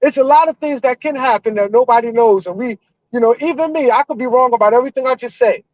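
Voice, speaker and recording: A man in his forties calling in to a live show, ranting loudly and emotionally with heavy cursing. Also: very high voice, quick pace, no room sound, muffled recording. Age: 40s. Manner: loud, emotional and profane. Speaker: caller. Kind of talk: heated fan rant on a live call-in show.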